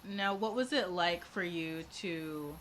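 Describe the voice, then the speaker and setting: A woman with a very low voice hosts a podcast and puts curious, friendly questions to her guest. Faint hiss sits under the recording. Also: takes it slowly, a bit bright. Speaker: podcast host. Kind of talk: interview questions.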